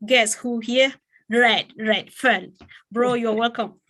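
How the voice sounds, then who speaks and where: Effusive woman hosting, higher voice. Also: steady tone, slow pace, a bit bright. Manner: effusive, emotional. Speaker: event host. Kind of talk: hosting an online event.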